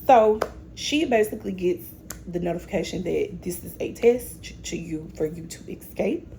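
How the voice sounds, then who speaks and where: A woman with a low, gravelly voice, chatty and opinionated as she recaps a TV episode. Her tone is mellow and dark, and she often breaks off to talk straight to the characters. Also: lively intonation, normal speed, slight background noise. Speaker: TV recap host. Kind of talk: casual show recap.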